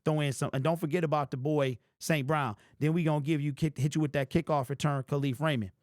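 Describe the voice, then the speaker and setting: A man's voice: a little high, fairly even intonation, quick pace, a little mellow, no echo, clean studio sound. A young man, hosting a fan channel, hyped and trash-talking as he comments on his team to camera. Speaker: sports fan channel host.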